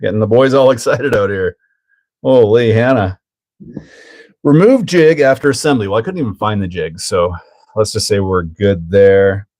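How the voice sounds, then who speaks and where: Jokey low-voiced man hosting a livestream. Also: normal speed, darkish tone. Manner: jokey, laughs often, reads and answers chat. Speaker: host of a hobby livestream. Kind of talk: casual live-stream chat while building a kit.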